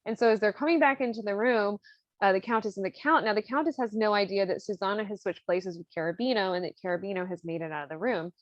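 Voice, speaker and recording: Casual podcast host, woman, swears freely, mid pitch, dull dry recording. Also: quick pace, no room sound. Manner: loose and profane, peppered with "like". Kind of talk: casual chat retelling an opera plot.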